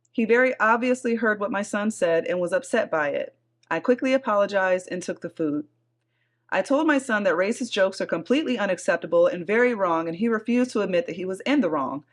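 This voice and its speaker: A woman co-hosting a podcast, chatting casually with frequent laughter and blunt, salty remarks, and reading forum posts aloud. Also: medium pitch. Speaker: podcast co-host.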